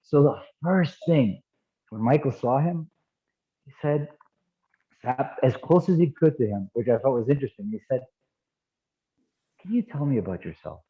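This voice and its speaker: A man teaching martial arts in an animated, casual way over an online call, repeating himself and restarting sentences. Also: medium pitch, normal speed. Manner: animated, repetitive, frequent false starts and laughs. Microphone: online video call. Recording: tinny phone-like audio.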